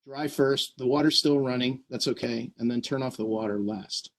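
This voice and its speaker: An earnest man presents to his troop over a video call. He explains each step plainly and keeps checking in with a quick "right?". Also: mid-range voice. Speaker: scout troop leader. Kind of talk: virtual meeting presentation.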